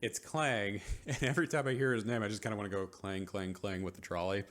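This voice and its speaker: A man's voice: lowish voice, fairly even intonation, fairly bright tone. A man giving a casual, rambling rant recapping a TV episode, full of filler words and mocking quoted asides. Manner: mocks characters in quick quoted asides. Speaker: vlogger reviewing a TV episode.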